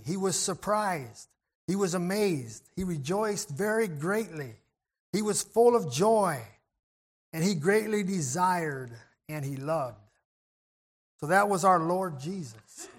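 Male preacher, higher register, gentle and reflective, clears throat often, restarts phrases. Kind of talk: sermon.

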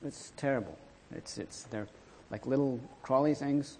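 A man's voice: medium pitch, unhurried, darkish tone, slight background noise. A man telling a Bible story and reading archaic scripture in a dramatic, emphatic way.

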